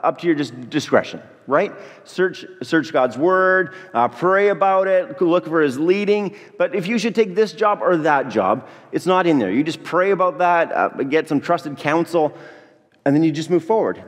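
Male pastor, sermon, animated joking delivery, fairly high voice, long church-hall reverb. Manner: lively, joking, talks to the congregation directly. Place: church sanctuary.

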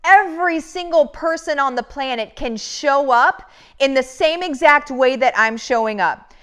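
A woman's voice: high-pitched, measured pace, fairly bright tone. A woman business coach giving an earnest motivational talk to her audience, often calling them "you guys" and restarting her sentences as she goes. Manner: rambling with many restarts.

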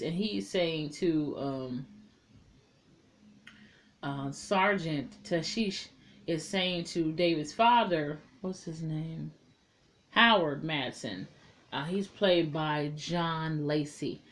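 A woman's voice: deep voice, animated, takes it slowly, slight background noise. A woman casually reviewing a TV episode, retelling scenes candidly and with plenty of swearing. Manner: candid and profane, paraphrases scenes with quoted lines. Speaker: TV show reviewer.

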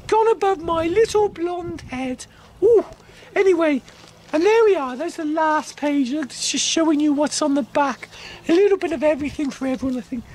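A man voicing a vain, flirty female supermodel in a comic character monologue, cooing and giggly with drawn-out oohs. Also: very high-pitched, a little mellow.

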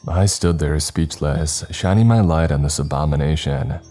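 A man reading a scripted horror story in a slow, measured way. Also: extremely low pitch, warm tone.

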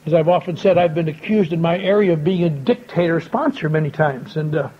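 A man's voice: on the high side, fairly quick. An older man telling a wry, folksy story to a convention audience, acting out the dialogue he quotes. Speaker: speaker at a recovery convention. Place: large convention hall. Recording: dull lo-fi tape with faint hiss.

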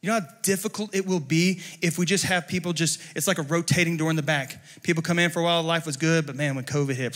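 A man preaching a sermon as pastor at a church service, passionate and often building up to shouting. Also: a little high, quick pace, few pauses, big-room sound.

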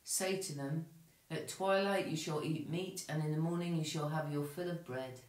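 A man leading morning prayer, reading psalms and scripture aloud in a measured, steady recitation with occasional small self-corrections. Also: on the high side. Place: church. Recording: echoey room.

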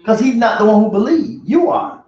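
A man's voice: very high-pitched, lively intonation, normal speed, a little mellow. A man preaching at a Bible study in a colloquial, emphatic style, often laughing as he makes his points. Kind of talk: sermon. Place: church room. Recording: echoey distant lo-fi church recording.

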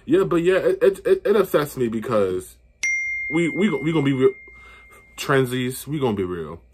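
A man's voice: medium pitch, sing-song, normal speed, background noise. A young man hosting a casual reaction video, chatty and opinionated, swearing now and then. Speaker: YouTube reaction host.

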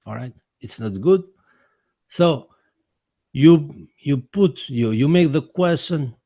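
A man who makes documentaries, giving a personal account in a presentation in halting, non-native English full of restarts and repeated words. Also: mid-range voice, expressive, warm tone, no echo. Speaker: documentary filmmaker presenting his work.

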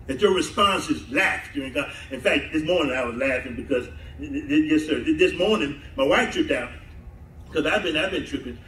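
Recorded from a distance on an echoey church hall mic with slight background noise, a pastor from the American South preaches in a slightly high, fairly bright, animated voice at a moderate pace. Laughter comes often, and the sanctuary crowd responds to his calls.

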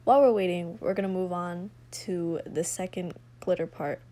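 A woman's voice: fairly low pitch, moderate pace, warm tone. A young woman talking through a craft tutorial in a casual, profane, chatty way, a little out of breath from talking close to the mic. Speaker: vlogger. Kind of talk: casual DIY tutorial voice-over.

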